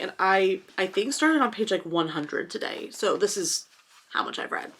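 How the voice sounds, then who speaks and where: A woman's voice: medium pitch, fairly bright tone. A young adult woman talking casually at home in a reading vlog, gushing and a little dramatic about a book series. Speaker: book vlogger. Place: at home in her apartment.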